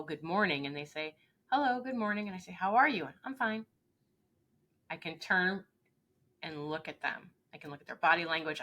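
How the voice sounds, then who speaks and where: Bright-voiced emphatic woman coach. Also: low-pitched. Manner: earnest, emphatic, acts out little dialogues. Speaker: leadership coach, guest. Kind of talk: interview conversation.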